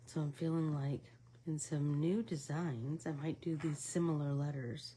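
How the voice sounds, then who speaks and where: A middle-aged woman hosting a casual embroidery stitch-along livestream, chatting while she stitches and drifting into soft asides. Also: deep voice, steady tone, a little slow, slight background noise.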